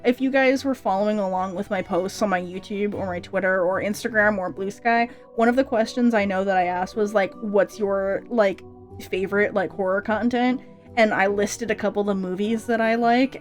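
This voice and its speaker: Young woman streamer, chatty and rambly, fillers everywhere, mid-pitched, faint music behind. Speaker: streamer debuting a vampire persona. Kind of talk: casual livestream chat.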